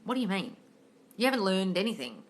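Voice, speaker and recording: A woman's voice: medium pitch, big pitch swings, fairly quick. A woman, answering viewers' questions on a live stream in a casual, blunt way, swearing freely and calling listeners darling.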